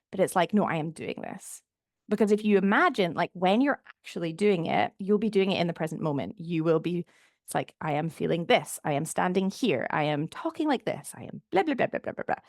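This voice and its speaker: Chatty woman with a gravelly edge. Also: medium pitch, dry recording, studio quality. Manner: chatty, encouraging, many "like" fillers. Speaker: podcast host and goal coach. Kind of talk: casual solo podcast monologue.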